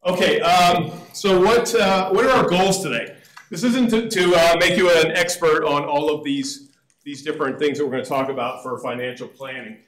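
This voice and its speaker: A man in his fifties gives a casual, joking seminar talk to a room full of people. His voice sits somewhat high for a man. The room is echoey and reverberant around him. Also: moderate pace, fairly bright tone. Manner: chatty, joking, self-deprecating. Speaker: financial advisor presenter. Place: meeting room with audience. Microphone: room mic or no mic.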